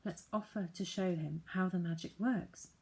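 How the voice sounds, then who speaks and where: A woman reading the part of a quick-thinking young girl who speaks softly and urgently. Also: lowish voice, steady tone, natural voice. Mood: hushed urgent. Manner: soft, hushed and urgent.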